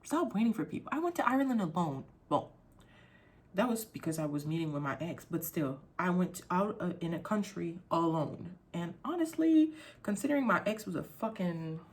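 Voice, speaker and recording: Young woman yapping to camera, lowish voice, cussing a lot, rambly and excitable. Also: normal speed. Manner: rambling, swears freely, leaps up in pitch when excited. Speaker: vlogger. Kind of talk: casual chat to camera.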